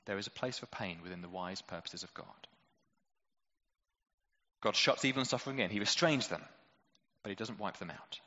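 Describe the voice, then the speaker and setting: A male preacher gives a sermon in a conversational, teasing way, full of rhetorical questions. His voice sounds bright and forceful. It carries a long hall echo and has a muffled, dull tone. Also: lowish voice. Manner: conversational, lots of rhetorical questions, playful asides.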